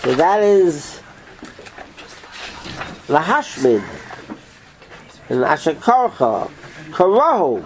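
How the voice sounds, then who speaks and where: Guy teaching torah round a table, high lively voice, slow, noisy room. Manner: animated, quizzing listeners. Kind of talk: informal Torah class.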